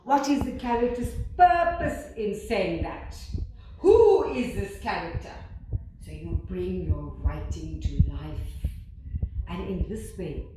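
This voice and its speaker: A woman English teacher leading a classroom lesson, speaking slowly and acting out words with her voice. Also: mid-range voice, a little hiss or hum. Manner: slow, expressive, acts out words with her voice. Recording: echoey room, voice from far off.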